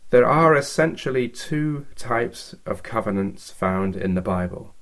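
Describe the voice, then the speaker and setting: A man giving a measured, scripted talk on Bible teaching. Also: mid-range voice, expressive, fairly bright tone.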